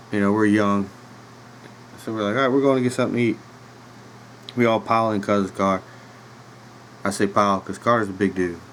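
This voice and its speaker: A man's voice: lowish voice, fairly bright tone, a little hiss or hum, poor audio. A man in his thirties with a Virginia accent, hosting a podcast and telling a story in a loose, rambling way with lots of fillers. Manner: laid-back rambling with fillers and laughs. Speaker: podcast host. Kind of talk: casual storytelling. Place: home room with a dog nearby.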